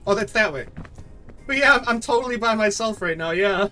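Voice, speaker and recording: High-voiced, bright, excitable male streamer. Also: brisk, faint music behind. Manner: excitable, gasping and laughing, thanks viewers. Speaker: live streamer. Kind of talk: live gameplay commentary.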